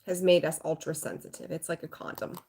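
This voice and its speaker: A woman's voice: sits low, flat delivery, brisk, darkish tone, a little hiss or hum. A woman giving a live tarot reading in a frank, rambling way, swearing casually and greeting viewers. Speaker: tarot reader.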